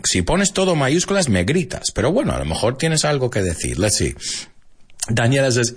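Lively, husky-voiced male English teacher. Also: medium pitch, normal speed, pauses often. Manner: animated, switches between English and Spanish, laughs often. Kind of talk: live-streamed language lesson.

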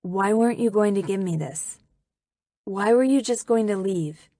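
A woman reading the part of a confident, teasing teenage boy in an audiobook, lowering her voice a little for him. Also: moderate pace, dark tone, no echo, clean studio sound, lightly acted.

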